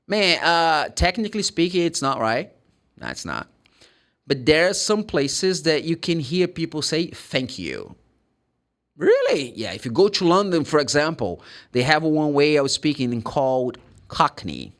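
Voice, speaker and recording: Animated Brazilian man teaching pronunciation. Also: on the high side, normal speed. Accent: Brazilian Portuguese. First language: Portuguese. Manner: animated, demonstrates sounds and acts out students' questions. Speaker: English teacher. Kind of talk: pronunciation lesson.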